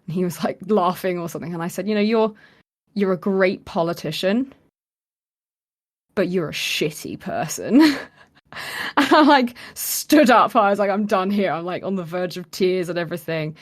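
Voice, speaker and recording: Her pitch is fairly low and her pace moderate as she co-hosts a podcast and relates a story in relaxed conversation. The retelling is lively, with the quoted lines acted out and plenty of fillers.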